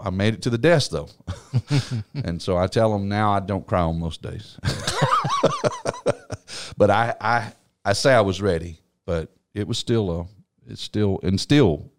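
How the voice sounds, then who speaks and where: A middle-aged pastor telling a personal story in conversation, folksy and laughing often. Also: male voice, low-pitched.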